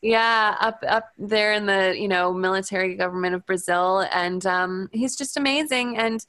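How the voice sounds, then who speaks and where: A woman's voice: medium pitch, normal speed, a bit bright, no room sound. A woman in her thirties telling a dramatic story as a guest in an interview, acting out quotes and laughing often. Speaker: hypnotherapist, guest.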